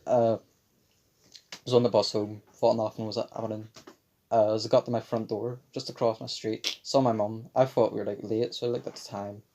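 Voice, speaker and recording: A late-teen podcast co-host rambles through a crude childhood story in casual chat, swearing as he goes and sometimes cracking. His voice sits on the low side, level and warm, at a normal speed.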